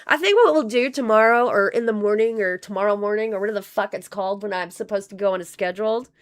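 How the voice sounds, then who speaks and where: A woman's voice: medium pitch, quick pace. A woman live-streaming casual commentary, reading out donations in a rambling, profane way, with her voice wearing thin. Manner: rambling, profane, with many restarts. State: losing her voice.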